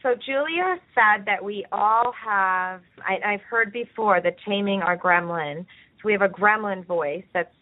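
A woman's voice: mid-range voice, a little slow. Encouraging woman host over a tinny phone line. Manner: earnest, encouraging, talks at length. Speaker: podcast host and coach. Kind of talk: conversational podcast discussion.

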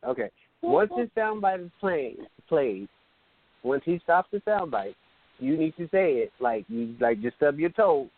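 A man's voice: fairly high pitch, big pitch swings, normal speed, dry recording. A man hosting a casual online radio show, bossy and teasing, laughing easily, heard over a phone line. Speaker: show host. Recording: tinny phone line, dry.

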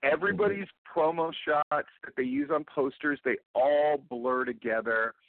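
A man's voice: a little high, normal speed, no room sound. A middle-aged man hosting a podcast, rambling and opinionated in casual chat. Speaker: podcast host. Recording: tinny phone-like line.

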